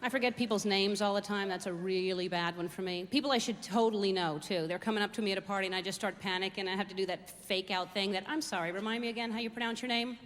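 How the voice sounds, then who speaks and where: In a reverberant theater full of crowd and background noise, a middle-aged woman works a live audience with a rambling, self-deprecating, observational stand-up set about everyday stories. She talks fast at a medium pitch with a steady tone and hardly any pauses.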